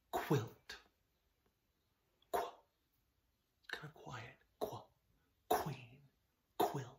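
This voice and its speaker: A man teaching a phonics lesson to young children, sounding out words slowly and with exaggerated care. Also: mid-range voice, lively intonation. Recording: roomy echo.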